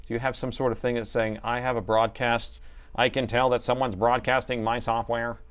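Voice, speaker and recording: Talking at a normal speed in a medium-pitched, level, clean voice, this livestream host walks viewers through a repair step by step. He's chatty and trades jokes with the chat as he works.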